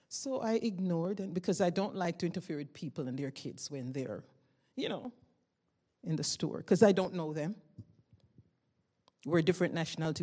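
A church member, a woman with a fairly low voice, gives a spoken testimony to her congregation. She tells her story with lively swings from loud exclamations to hushed tones, laughing often.

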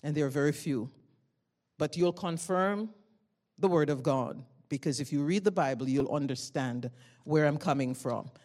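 A woman preaching a sermon in a loud, fervent way, telling stories in a conversational tone that climbs into emotional bursts. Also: deep voice, normal speed.

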